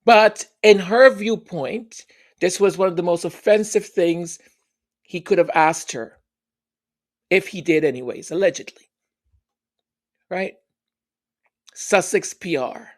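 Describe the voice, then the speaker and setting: Slow, sarcastic royal commentary host. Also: mid-range voice. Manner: sarcastic, rhetorical questions, emphatic. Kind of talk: opinion commentary.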